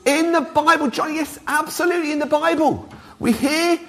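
A middle-aged man preaching an all-age sermon, lively and interactive, drawing the congregation in. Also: very high voice, normal speed. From Wales. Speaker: pastor.

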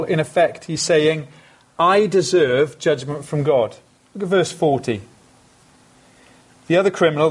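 A man's voice: on the high side, slightly rough. A man preaching a sermon, earnest and emphatic, repeating phrases for stress.

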